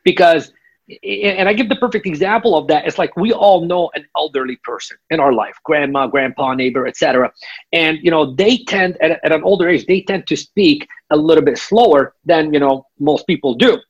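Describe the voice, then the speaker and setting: A man's voice: on the high side, brisk, breathy edge, lo-fi sound. A man working as a sales coach, explaining techniques step by step in a podcast interview and checking in with "okay?". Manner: instructive, repeats "okay?" to check in.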